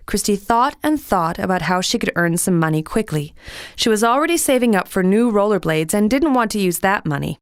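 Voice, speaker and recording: Audiobook narrator: woman, clear and lively children's-story reader, dry studio sound. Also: medium pitch, fairly quick, dry recording.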